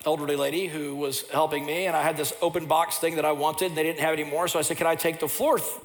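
A pastor preaching a sermon, telling personal stories, and at times rising into loud impassioned preaching. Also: male voice, fairly high pitch, flat delivery, fast.

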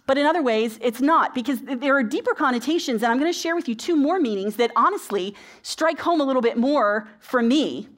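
A woman's voice: high voice, lively intonation, brisk, few pauses. Woman preaching a conversational sermon. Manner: conversational storytelling with rhetorical questions.

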